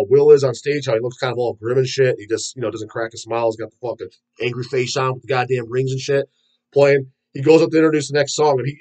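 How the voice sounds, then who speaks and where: A man's voice: mid-range voice, darkish tone, poor audio. A man casually ranting and telling rambling, profane stories, full of fillers and restarts. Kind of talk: casual rant about metal.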